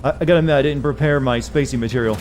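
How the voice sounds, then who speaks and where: A man's voice: medium pitch, very fast, darkish tone. A man streaming a video game, casually commenting with joking, sarcastic asides.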